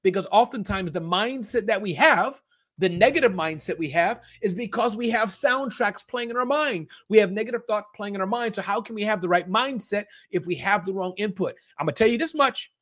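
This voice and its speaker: Energetic, high-voiced male live-stream host. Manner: energetic and chatty, repeats words for emphasis; rapid-fire answers with casual slang. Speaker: host of a live online business summit. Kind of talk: live-stream Q&A, reading out and answering viewer questions.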